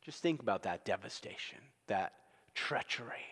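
A male pastor preaching an evening sermon, earnest and expressive, dropping from loud to hushed. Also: fairly low pitch, moderate pace, slightly rough. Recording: long reverb.

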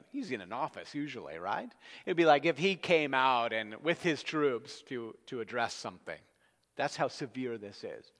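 A man's voice: mid-range voice, a bit bright, in a large hall. A man preaching an expository sermon in a conversational, storytelling manner.

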